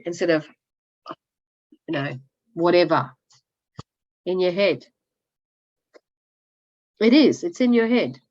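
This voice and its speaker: A woman, a coaching client, talking loudly and candidly in a casual group coaching call. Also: lowish voice, slow, long pauses, highs cut off. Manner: loud, candid and animated, with blunt asides. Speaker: coaching client sharing progress.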